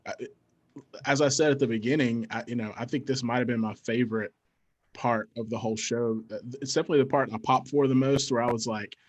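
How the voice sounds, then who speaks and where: A man's voice: mid-range voice, steady tone, a little fast. A man co-hosting a podcast in casual chat, eager and quoting his own reactions. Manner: enthusiastic, quotes himself.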